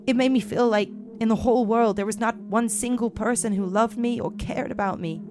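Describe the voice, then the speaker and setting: A woman's voice: fairly high pitch, steady tone, a little fast, a little mellow, voice pushed up, natural voice. A woman voicing a frightened teenage girl, using a put-on American accent with shaky, urgent delivery. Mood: scared.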